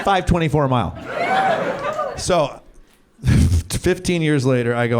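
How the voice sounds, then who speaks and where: A man in his forties doing improvised stand-up on a club stage, animated and self-mocking, jumping into high mock shouts. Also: a little slow, long pauses. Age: 40s. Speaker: stand-up comedian. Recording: crowd noise from live audience. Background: audience laughing.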